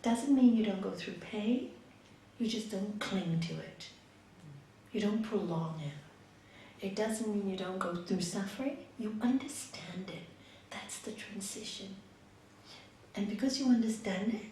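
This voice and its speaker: A woman yoga teacher giving an expressive spiritual talk, telling a story in a meditation hall. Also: medium pitch, a little slow, a little hiss or hum. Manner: expressive, lively, with laughs and hushed asides. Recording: echoey room from a distant mic.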